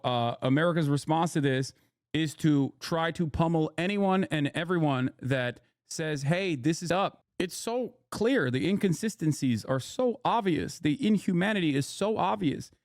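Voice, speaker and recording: Man streaming, sarcastic and heated, fairly high voice, dry close sound. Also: lively intonation, a little slow, a little mellow, no echo. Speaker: streamer reacting to clips. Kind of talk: casual live-stream commentary.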